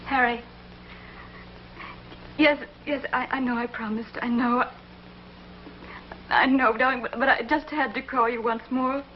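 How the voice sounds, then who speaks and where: A woman's voice: a little high, steady tone, a little slow, pauses often, slight background noise, natural voice. An actress playing a lonely woman who pleads with an estranged lover over the phone, stammering and crying. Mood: pleading. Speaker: distraught caller. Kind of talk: 1950s television drama acting. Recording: dull old TV soundtrack with music.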